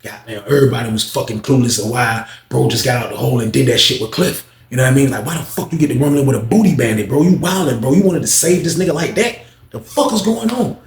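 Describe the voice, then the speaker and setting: A man's voice: medium pitch, fast talker. A man telling a story to his audience in casual slang and curses, acting out other people's voices as he goes. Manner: animated, acts out others' voices, heavy slang and cursing. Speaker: storyteller recounting his prison days. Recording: roomy echo.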